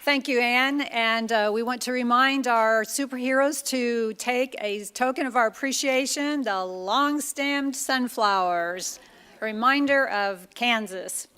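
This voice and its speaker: A woman emceeing a convention luncheon, making polite, unhurried announcements at a podium microphone. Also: fairly high pitch, sharp tone, smooth. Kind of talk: event announcements.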